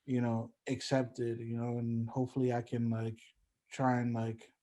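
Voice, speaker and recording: A young man, a guest musician, talking in a relaxed, loose podcast chat and leaning on "like" and "you know". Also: mid-range voice, a little slow. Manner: laid-back, heavy on "like" and "you know".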